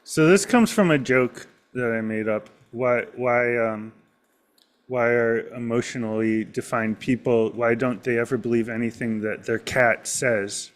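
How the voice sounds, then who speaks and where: A man of middle pitch co-hosts a casual chat, spinning jokey, rambling stories with plenty of restarts. His voice sits right in the ordinary male range. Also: a little slow. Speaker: co-host.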